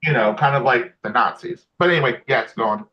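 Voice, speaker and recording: A man on a casual panel chat, animated and sarcastic. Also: mid-range voice, fairly quick, recorded from a distance, crowd noise. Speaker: panel guest. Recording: dull lo-fi call audio.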